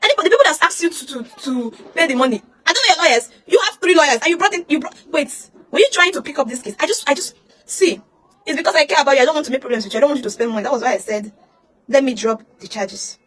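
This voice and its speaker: A woman's voice: sits high, animated, racing, a bit bright. A young Nigerian woman with a Nigerian accent, ranting heatedly online, scolding with rhetorical questions. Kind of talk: emotional social media rant.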